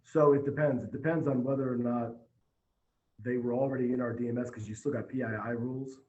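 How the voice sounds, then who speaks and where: Male dealership manager, podcast guest, animated storyteller; dull remote-call audio. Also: medium pitch, fairly quick, roomy sound. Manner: storytelling, energetic, with frequent restarts. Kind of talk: casual podcast conversation.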